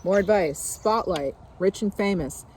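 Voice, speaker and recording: A woman giving a casual tarot reading, musing aloud in a relaxed way and often pausing on fillers as she takes in impressions. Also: mid-range voice, background noise. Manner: musing, intuitive, many fillers and asides. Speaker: tarot reader. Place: outdoors.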